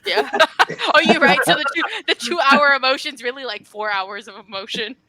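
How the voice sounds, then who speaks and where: Woman podcaster chatting, bright and a bit high, emphatic, dry close sound. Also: a little fast, no echo, poor audio. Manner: emphatic, animated, swears casually. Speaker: podcast co-host. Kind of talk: casual chat.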